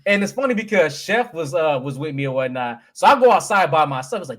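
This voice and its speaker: Animated young man telling stories. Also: on the high side, quick pace, few pauses. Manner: animated storytelling with profanity and laughs. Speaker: podcast co-host. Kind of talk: casual chat.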